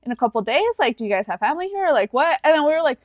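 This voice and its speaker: A young woman in her twenties talks through a story on a casual podcast, her voice sitting a touch high. She acts out every quoted line and keeps the talk loose and full of fillers. The sound is close and dry. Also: very animated, rapid-fire, no room sound, dull audio. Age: 20s. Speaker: podcast co-host. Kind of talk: casual chat.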